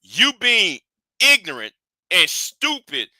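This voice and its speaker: A man hosting a livestream, scolding and animated in a profane rant that swings from shouting to hushed. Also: high voice, slow pace, no room sound. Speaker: livestream host.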